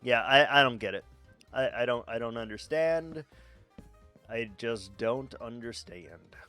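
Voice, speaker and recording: Man, game streamer, slow drawn-out talk, mid-pitched voice, rambling and profane, faint music behind. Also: lively intonation, sharp tone. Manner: rambling, swears freely, talks to chat and his pet. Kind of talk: casual gaming stream chat. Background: faint background music.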